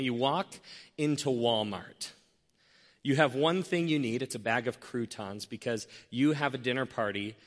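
A man preaching a sermon, telling an everyday story and acting out its scenes with lively shifts in voice. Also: medium pitch. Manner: animated, acts out scenarios with changing voices. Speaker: pastor. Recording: long hall reverb.

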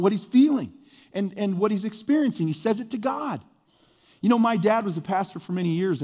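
A male pastor, giving a conversational sermon with sudden bursts of emphasis. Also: in a large hall. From US Midwest. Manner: conversational, animated preaching with sudden rises in pitch and volume.

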